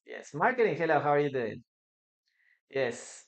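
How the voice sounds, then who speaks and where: A man with a Peruvian Spanish accent, teaching English live online and repeating phrases slowly for learners. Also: a little high, sing-song, vocal fry. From Peru. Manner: greets viewers by name and reads chat aloud.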